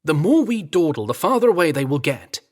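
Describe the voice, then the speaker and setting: A man's voice: on the high side, big pitch swings, a little fast, voice pushed up. A man voicing an anxious, urgent British male member of palace staff in an audio drama. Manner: urgent, pained. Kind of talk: audiobook character voice.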